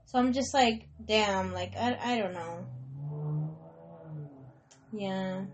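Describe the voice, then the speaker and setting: A woman's voice: medium pitch, a little slow. A young woman casually telling a personal story, rambling with lots of swearing and filler, dropping Spanish words into her English. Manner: rambling, heavy swearing, many likes and restarts. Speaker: podcast host.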